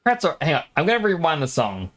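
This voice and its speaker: A man's voice: on the high side, wildly swooping pitch, fast talker, a bit bright, faint music behind. Sleepy man chatting while gaming. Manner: rambling, chatty, laughs often. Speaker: streamer. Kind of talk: casual gaming stream chat.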